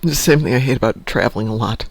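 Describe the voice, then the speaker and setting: A man's voice: medium pitch, fast, creaky, breathy edge, dry recording. A man hosting a casual morning live stream from home, rambling and joking about his day. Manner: rambling, chatty, self-joking.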